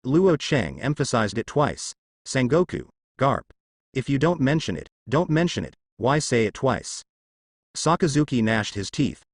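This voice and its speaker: Guy reading a fan novel out loud, bouncy pitch, dry no-room sound. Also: no room sound. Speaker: narrator.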